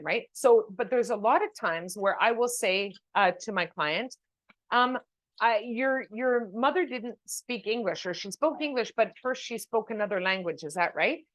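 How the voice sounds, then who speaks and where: A woman's voice: medium pitch, no echo. A woman co-hosting a casual chat, patiently explaining spirit communication with leading questions. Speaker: medium, co-host.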